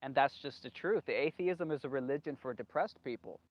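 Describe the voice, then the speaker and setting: A man's voice: mid-range voice, fairly quick, no echo. A man hosting a solo video monologue, rambling, repeating himself emphatically and losing his train of thought. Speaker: video host. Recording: dull lo-fi, dry sound.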